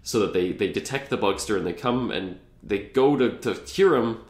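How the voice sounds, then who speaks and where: A man's voice: lowish voice, moderate pace, reverberant. A man co-hosting a podcast, rambling through a plot recap in casual chat. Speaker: podcast co-host.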